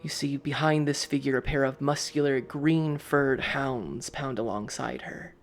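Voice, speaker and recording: A man's voice: mid-range voice, fairly even intonation, a little slow, faint music behind. A man narrating a tabletop game as game master, describing scenes in the second person. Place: live stream.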